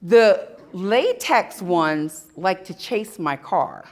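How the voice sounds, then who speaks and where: A woman tells personal stories to a live audience at an expo. She talks slowly, leaning on dramatic pauses, and her pitch swings widely as she stresses her points. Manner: animated, emphatic storytelling with dramatic pauses. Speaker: speaker at a spirituality expo. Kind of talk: live storytelling talk to an audience.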